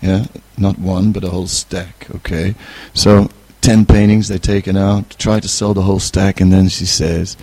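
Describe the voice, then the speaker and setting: A middle-aged man giving an informal spiritual talk, relaxed and hesitant, chuckling as he tells a personal story. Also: sits low, moderate pace, few pauses, no echo. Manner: relaxed, hesitant, chuckles while telling stories. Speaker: spiritual teacher.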